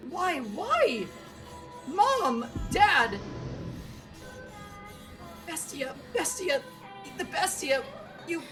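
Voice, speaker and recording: Woman voicing a frightened little boy, shrill cries, panicked, game music behind. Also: exaggerated voice, poor audio. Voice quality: high, crying. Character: terrified young village boy.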